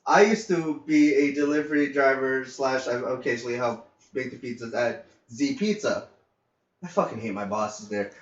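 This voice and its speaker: A man's voice: mid-range voice, moderate pace. A man host telling work stories in a casual podcast chat, swearing and acting out the people he quotes. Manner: animated, swearing, acts out quotes loudly with laughs. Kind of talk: casual storytelling. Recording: echoey, dull lo-fi audio.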